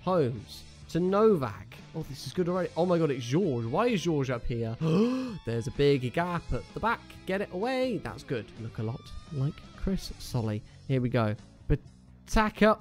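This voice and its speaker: Excitable young man commentating his game. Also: on the high side, moderate pace, soft background music. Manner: excitable, jokey, groans and cheers at the play. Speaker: gaming YouTuber. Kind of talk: casual live game commentary.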